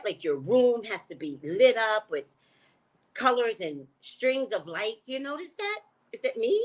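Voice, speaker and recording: A woman hosting a casual livestream, chatting back to viewer comments. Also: mid-range voice. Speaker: livestream host and psychic reader.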